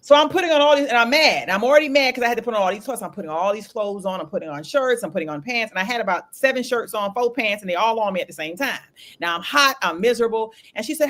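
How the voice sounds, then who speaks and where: Brief: woman podcast co-host, fast, lively storyteller, acts out every line of dialogue. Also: mid-range voice. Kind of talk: casual chat.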